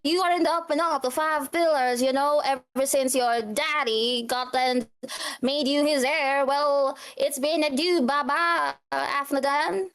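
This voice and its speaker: A woman's voice: high voice, fairly even intonation, measured pace, a bit bright. A woman voicing a brash male half-brother with an attempted Southern drawl, rambling and folksy in a tabletop game. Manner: folksy, rambling, loose with swearing. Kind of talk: tabletop role-play character voice.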